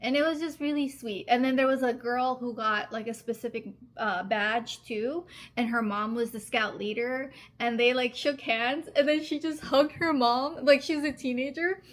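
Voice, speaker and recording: A woman's voice: fairly high pitch, steady tone, moderate pace, hardly any pauses. A woman in her thirties chatting casually to camera as a vlogger, gushing and emotional, with lots of filler words and frequent laughs. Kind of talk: casual chatty vlog talk.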